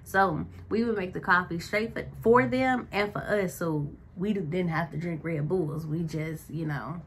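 A woman's voice: on the low side, measured pace, a little hiss or hum. A woman vlogger telling a casual storytime, rambling and chatty with lots of likes and self-corrections.

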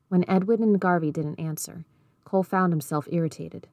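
Woman audiobook reader, even and measured; mellow, dry sound. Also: fairly low pitch, no room sound. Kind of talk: reading a novel aloud.

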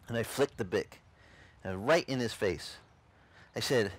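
A pastor, a man, delivers his testimony as a dramatic story, acting out each scene for his listeners. His voice sits at an ordinary middle pitch. The sound is dry and close, with next to no room echo. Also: lively intonation, a little fast, breathy edge. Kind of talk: testimony sermon. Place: outdoor beach service.

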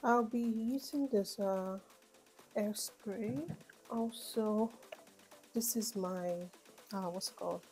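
A woman's voice: mid-range voice, slow, pauses often, faint music behind. A young woman from Nigeria with a Nigerian accent, chatting casually in a rambling get-to-know-me vlog. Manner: chatty, rambling, animated asides. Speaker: vlogger.

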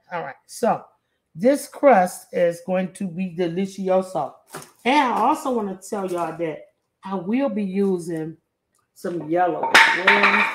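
Woman hosting an art stream, gravelly voice, chatty and drawling while she paints. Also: mid-range voice. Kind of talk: casual painting tutorial.

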